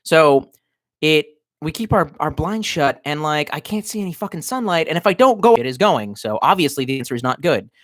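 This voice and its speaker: A man's voice: a little high, expressive, a little fast, a bit bright, no echo, studio quality. Tipsy man ranting on a livestream. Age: 30s. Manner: rambling, profane, sardonic. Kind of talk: casual livestream rant. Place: cramped bedroom at home.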